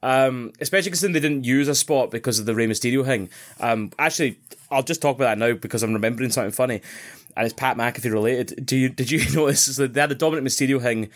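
A man's voice: mid-range voice, quick pace. Sweary Scottish man chatting. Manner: sweary, laughing, rambling. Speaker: podcast host. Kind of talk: casual chat.

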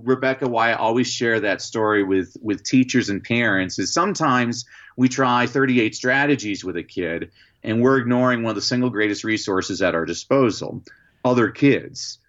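A man being interviewed as an educator and motivational speaker, telling lively stories with many "uh" fillers. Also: medium pitch, muffled recording. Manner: lively anecdotes, frequent "uh" fillers. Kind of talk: storytelling in a podcast interview.

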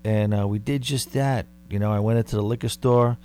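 A man's voice: lowish voice, fairly even intonation, brisk, a little mellow. Male podcast host, 30s, Long Island accent, chatty storyteller, light background hum. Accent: Long Island New York. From Long Island, New York. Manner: rambling, conversational, dare-I-say asides. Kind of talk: casual storytelling.

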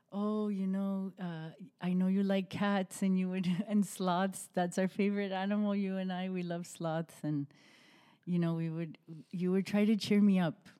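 A young adult woman hosting a podcast, sharing an emotional personal testimony in a heartfelt, halting way. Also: fairly low pitch. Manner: heartfelt, halting, with restarts and soft laughs. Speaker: podcast host.

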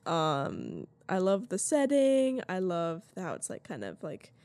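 A woman's voice: on the low side, wildly swooping pitch, slow pace, a little mellow, no echo. A young woman co-hosting a podcast in casual chat, rambling with lots of fillers. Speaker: podcast co-host.

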